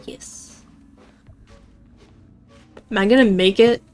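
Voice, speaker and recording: A woman's voice: a little high, a little slow, soft background music. A woman streaming a game, chatting casually and jokingly with her viewers, often laughing. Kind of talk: casual gameplay chat with chat.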